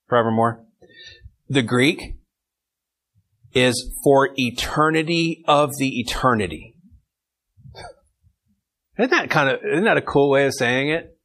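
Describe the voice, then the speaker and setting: A man's voice: mid-range voice, unhurried, long pauses, a bit bright, low-quality recording. A man leading an informal Bible study, reading verses and taking questions from his group in a conversational way.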